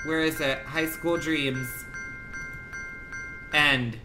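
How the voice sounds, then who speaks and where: A man's voice: fairly high pitch, fairly even intonation, extremely slow, over music. A young man livestreaming a game, rambling in a campy, dramatic, profane way at home. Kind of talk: casual game commentary.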